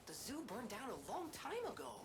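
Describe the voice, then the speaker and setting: A woman's voice: fairly high pitch, wildly swooping pitch, normal speed, over music. A woman voicing a curious, fretful companion character in a video game, speaking theatrically. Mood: puzzled.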